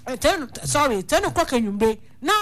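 Lively high-voiced woman giving radio commentary. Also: normal speed. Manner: emphatic, moralizing commentary.

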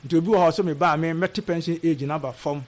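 A man's voice: a little high, steady tone, quick pace. A man from Ghana, a guest in a casual interview, talking with many hesitations and restarts.

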